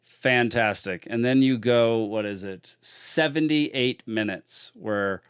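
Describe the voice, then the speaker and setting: Smooth-voiced podcast host. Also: male voice, medium pitch, slow pace, no echo, studio quality. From Texas. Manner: chatty and rambling, with many fillers and restarts. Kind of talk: casual solo podcast recap.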